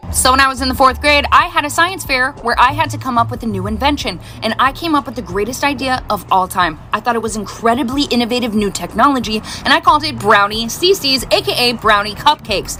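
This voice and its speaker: A mother telling casual stories about her daughter in an animated, chatty way, laughing as she goes. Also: fairly high pitch, quick pace, few pauses, faint music behind. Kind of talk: casual storytime.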